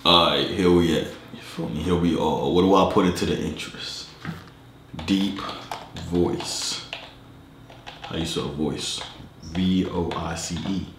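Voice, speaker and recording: A man putting on a super deep dark voice. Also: steady tone, a little slow, pauses often, echoey room, slight background noise. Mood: chill. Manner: laid-back slangy chatter with strangers. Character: super deep-voiced version of himself, a cool young man. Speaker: vlogger. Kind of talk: video chat prank.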